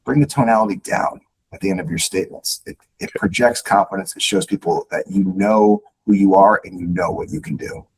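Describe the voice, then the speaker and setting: A man giving coaching advice as a podcast guest, instructive and animated, often repeating words as he starts sentences. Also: sits low, brisk, slight background noise, poor audio. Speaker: guest speaker on leadership.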